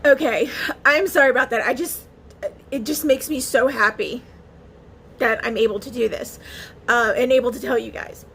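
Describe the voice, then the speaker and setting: Chatty woman vlogger with a high voice. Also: fairly even intonation, normal speed, pauses often, a bit bright, faint music behind. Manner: chatty and emotional, with restarts and fillers. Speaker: beauty vlogger. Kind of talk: casual chat to camera.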